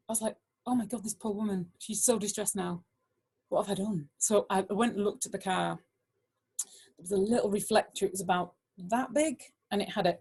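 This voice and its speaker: A middle-aged woman tells a personal story as a guest speaker, with a husky, breathy edge to her mid-pitched voice. She talks animatedly and keeps dropping in "like" as she goes. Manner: animated, full of "like" fillers, acts out voices.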